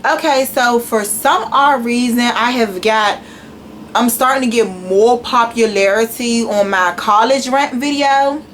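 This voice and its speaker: A woman's voice: fairly high pitch, unhurried, a bit bright, slight background noise, poor audio. A young woman from Washington, D.C., with a D.C. accent, ranting bluntly and with plenty of profanity to her camera. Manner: blunt and profane, with a slangy mixed urban delivery. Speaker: YouTuber. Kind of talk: casual rant to camera.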